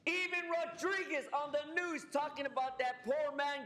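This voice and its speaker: A man giving public comment at a city council meeting, ranting loudly with insults and profanity and switching between Spanish and English. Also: very high-pitched, unhurried, few pauses. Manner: loud, ranting, shouting at times.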